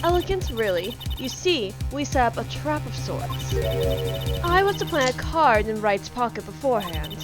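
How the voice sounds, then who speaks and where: A woman's voice: a little high, sing-song, normal speed. A woman voicing a smug, scheming female card-dealer witness from a video game and attempting a foreign accent, with game music behind. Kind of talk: reading game dialogue aloud.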